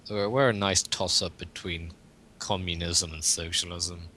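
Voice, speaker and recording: A man co-hosts a casual podcast chat, rambling along with jokes and chuckles. His voice sits fairly low but sounds bright and forward. A faint noise floor runs underneath. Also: steady tone, moderate pace. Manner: rambling, jokey, chuckles often. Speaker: podcast co-host.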